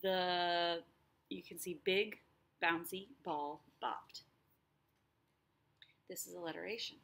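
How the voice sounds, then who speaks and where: A woman teacher explaining a lesson, sounding out words slowly and clearly. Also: fairly low pitch, fairly bright tone. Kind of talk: recorded lesson.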